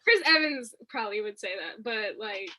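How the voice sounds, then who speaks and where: A woman's voice: medium pitch, lively intonation, normal speed, sharp tone, slight background noise. A young woman co-hosting a podcast, chatting casually in a slangy way and laughing often. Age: young adult. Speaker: podcast co-host. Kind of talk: casual chat.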